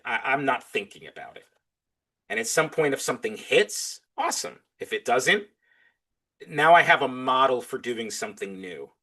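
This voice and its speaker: A man's voice: medium pitch, sharp tone. A man talking as a podcast guest in casual interview chat. He is enthusiastic and acts out both sides of his back-and-forth conversations.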